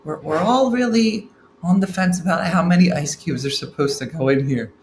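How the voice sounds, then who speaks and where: Reading out viewer comments at a moderate pace, this middle-aged morning show host chats casually on her stream with wry remarks. She talks in a slightly low voice from a spacious room at home, where an obvious echo and a faint background hum can be heard.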